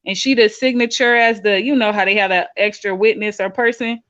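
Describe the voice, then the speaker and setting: A woman calling in to share a personal testimony, telling her story in a rambling, animated way. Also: medium pitch, a little fast, lo-fi sound. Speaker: caller. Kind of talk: call-in testimony.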